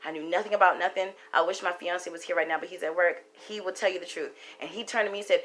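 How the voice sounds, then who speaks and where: Bright-voiced woman telling a story. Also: lowish voice, fast, hardly any pauses. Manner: emphatic, repeats phrases, swears for emphasis. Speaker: tarot card reader. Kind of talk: casual storytelling to camera.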